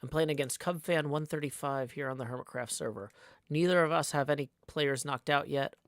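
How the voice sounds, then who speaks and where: A man's voice: a little high, a little fast, no room sound. A man casually chatting and calling his moves while streaming a card game, joking as he goes. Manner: playful, chatty, joking asides. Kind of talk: casual live-stream chat and play-by-play.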